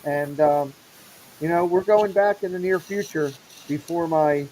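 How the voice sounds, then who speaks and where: A man's voice: fairly high pitch, a little slow, mellow, a little hiss or hum, low-quality recording. A middle-aged man hosting a casual show, animatedly acting out the people in his story. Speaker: show host.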